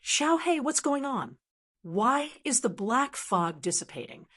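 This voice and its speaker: A woman voicing a brash young male martial cultivator who shouts and demands, read in a plain synthetic storybook voice. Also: high-pitched, very animated, unhurried, voice pushed up, exaggerated voice. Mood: alarmed. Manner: cursing, demanding.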